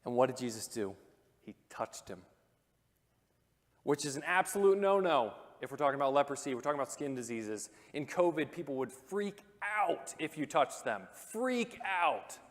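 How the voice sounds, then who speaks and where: A man preaching a sermon in a church auditorium, talking conversationally with joking asides and dropping to hushed, dramatic moments. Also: fairly high pitch. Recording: long reverb of a church hall.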